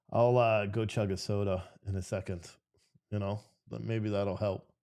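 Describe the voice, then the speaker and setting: A man's voice: fairly low pitch, a little mellow. Tired, rambling man hosting a stream. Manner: rambling and profane. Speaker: live-stream host. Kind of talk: casual live-stream commentary.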